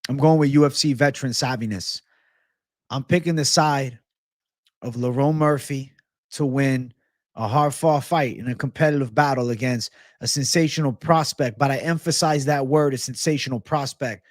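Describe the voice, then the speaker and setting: A man's voice: medium pitch, moderate pace, no echo, clean studio sound. Brash, cursing fight-betting streamer man. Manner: brash, profane, hyped. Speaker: MMA betting livestream host. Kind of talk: livestream fight predictions.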